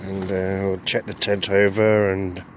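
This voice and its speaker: A man's voice: deep voice, flat delivery, measured pace. A man chats casually to his camera from inside a tent. He rambles and chuckles between thoughts, and faint wind and traffic noise sit behind his voice. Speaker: wild camping vlogger.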